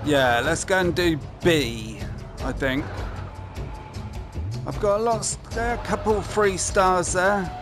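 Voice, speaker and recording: A man narrates his gameplay in an unhurried, chatty way and drops casual swear words. His voice sits a little high, and clear game music plays behind him. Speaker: gameplay commentator.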